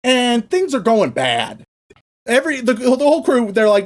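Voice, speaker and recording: A man on a casual comedy podcast tells a story with a swinging, animated pitch. His delivery is loose and profane, and he drops into the characters for quick asides. The talk rolls along like a joke among friends. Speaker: podcast co-host.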